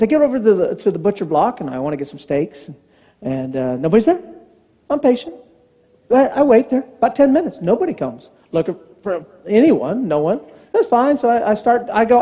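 A man, a pastor, preaching a storytelling sermon, animated and self-mocking, acting out the dialogue of his story in a large church. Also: high voice. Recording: long hall reverb.

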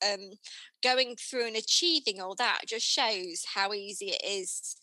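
A woman hosting a casual chat, reflective and quick to laugh along. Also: mid-range voice, bright, forceful tone, no room sound, poor audio.

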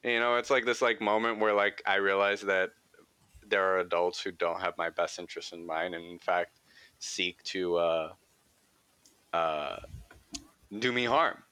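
A man's voice: low voice, a little slow, long pauses, pushed and bright, smooth, dry recording. A young man hosting a podcast, telling a childhood story in a rambling, profane way full of "like" fillers. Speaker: podcast host. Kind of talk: casual storytelling chat.

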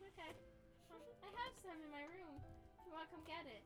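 A woman's voice: very high-pitched, brisk. A woman running a tabletop game as game master, chatty and casual with frequent giggles. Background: faint music.

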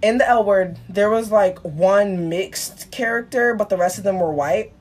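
Animated young woman in casual talk. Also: mid-range voice, measured pace. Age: teens. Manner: animated, mimics other people's voices. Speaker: guest. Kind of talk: casual discussion.

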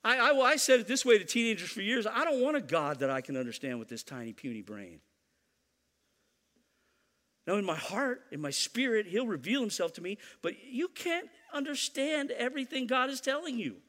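A man preaching in a very high, bright and forceful voice, pressing his points hard and repeating them, with playful teasing asides. His voice rings out in a church with a long, lingering reverb. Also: sing-song, moderate pace. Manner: emphatic, repeats key lines, teases the congregation. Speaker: pastor. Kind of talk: sermon.

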